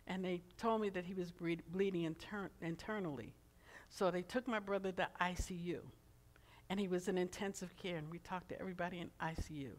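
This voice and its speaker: A woman in her seventies preaching a sermon, telling a personal story and building to emphatic, impassioned passages. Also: mid-range voice. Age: 70s.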